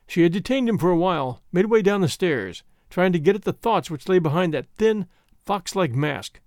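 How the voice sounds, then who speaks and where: A man reading a classic novel aloud as an audiobook narrator, with expressive storytelling. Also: high-pitched, moderate pace, dry recording, studio quality.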